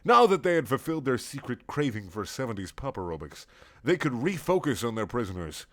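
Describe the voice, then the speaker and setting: A man's voice: medium pitch, sing-song, brisk. A man reading a playful fan story aloud as narrator. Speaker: reader.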